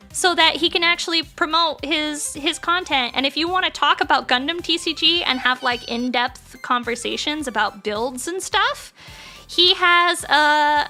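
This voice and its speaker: Woman streamer, very high bright voice, chatty and gushy while crafting live. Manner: chatty and gushing, with many fillers.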